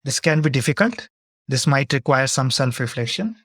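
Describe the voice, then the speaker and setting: A man with a mid-range, somewhat bright voice speaks expressively at a normal speed as a leadership coach, answering audience questions in a webinar. He illustrates his points with example dialogues, and the studio sound is clean with no room sound.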